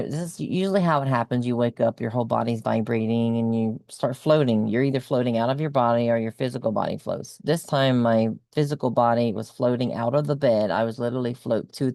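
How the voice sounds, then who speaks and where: A woman's voice: rumbling low, creaky, darkish tone, no room sound, studio quality. A woman guest on a video call, casually recounting a personal experience in a rambling way, with lots of ums and likes.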